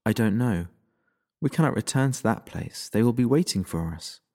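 A man's voice: lowish voice, animated, normal speed, a little mellow. A man voicing a grim young woman fighter who speaks bluntly and formally. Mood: stern. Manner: formal and blunt, without contractions.

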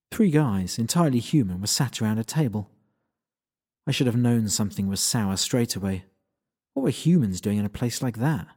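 A man's voice: on the low side, dark tone, slightly rough. A man narrating a first-person story in a wry, dry, laid-back manner.

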